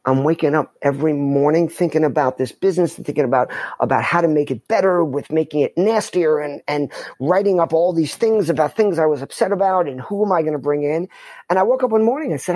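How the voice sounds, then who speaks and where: A man's voice: high voice, expressive, a little fast, darkish tone, dry recording. A middle-aged man from New York, a podcast guest telling a personal story in a candid, emphatic way, often restarting his sentences. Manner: emphatic, self-interrupting, heartfelt.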